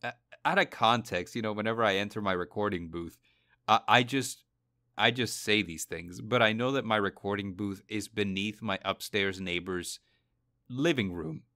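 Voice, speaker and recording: A man's voice: on the low side, normal speed, bright, forceful tone, dry recording, clean studio sound. A man co-hosting a casual podcast, rambling with many fillers and laughing easily. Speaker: podcast co-host. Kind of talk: casual chat.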